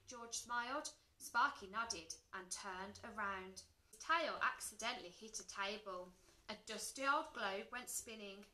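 A woman reads a children's picture book aloud slowly and expressively, her voice bright and fairly high. The recording is roomy, with a noticeable echo. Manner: expressive, lively character voices. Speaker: primary school staff reader. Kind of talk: storybook read-aloud.

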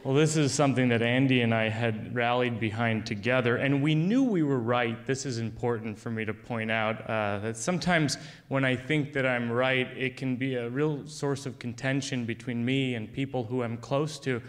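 Male comedian with a clear, resonant voice, telling a personal story in a dry, deadpan stand-up style. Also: mid-range voice, normal speed, few pauses.

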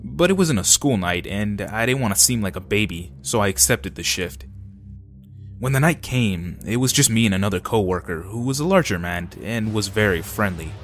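Low-voiced man narrating scary stories. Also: animated, normal speed, faint music behind.

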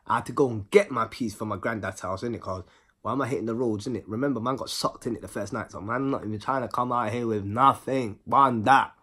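A man telling a personal story in a casual monologue. He talks in an animated way, full of slang, and repeats words for rhythm. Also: medium pitch, quick pace, slightly rough.

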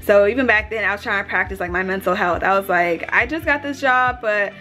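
A woman's voice: medium pitch, brisk, soft background music. A young woman in her twenties, telling a workplace story in a casual vlog, swearing freely and acting out what other people said. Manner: animated, swears often, acts out other people's lines. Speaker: vlogger.

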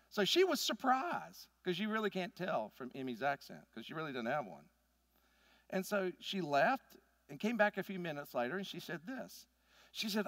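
A middle-aged pastor, telling a family story in a conversational sermon that builds to emphatic points. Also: male voice, a little high, sing-song, moderate pace, a bit bright, dry recording, clean studio sound. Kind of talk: sermon with personal stories.

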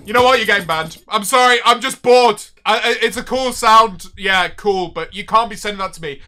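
A man's voice: high-pitched, animated, a little fast, few pauses, bright, forceful tone, a little hiss or hum. A British man in his twenties, livestreaming and reacting to viewer songs with sweary, mock-outraged banter. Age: 20s. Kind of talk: live stream chat.

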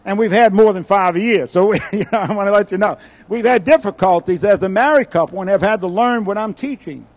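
Animated older preacher, high voice. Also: male voice. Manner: animated storytelling, acts out quoted voices with sudden loud bursts and quiet asides. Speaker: guest preacher. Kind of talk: sermon.

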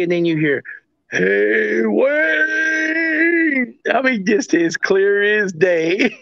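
A man with a fairly high voice talks as a guest on a show. He rambles through his stories and circles back on himself. The audio is dry and dull, like a lo-fi recording. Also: gravelly, dry recording. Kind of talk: casual storytelling.

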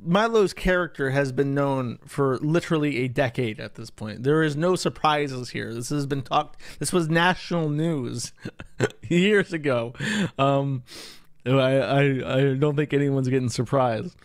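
A man's voice: medium pitch, measured pace, no echo, studio quality. A man hosting casual online commentary, irreverent and profane, with slangy asides. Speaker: internet commentary host.

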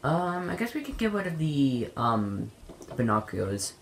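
A young woman giving playful let's play commentary on a game, shouting in bursts and slipping into silly voices. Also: very deep voice, big pitch swings, unhurried, a little hiss or hum. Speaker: gamer playing a horror game.

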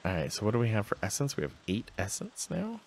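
Let's-play host, man, low voice with a lively pitch, chatty self-talk. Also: fast, creaky, slight background noise. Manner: chatty, talks to himself, reads game text aloud. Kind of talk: casual gameplay commentary.

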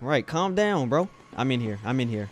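A man's voice: medium pitch, sing-song, normal speed, a little hiss or hum. A young man commentating his game, hyped and casual, using lots of slang into a headset. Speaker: gaming YouTuber. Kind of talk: let's play commentary. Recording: voice over game music.

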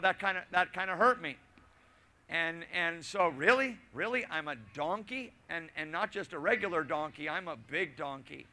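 A middle-aged male pastor preaching a sermon, telling a personal story with asides and repetition, swinging between loud and hushed. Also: high voice.

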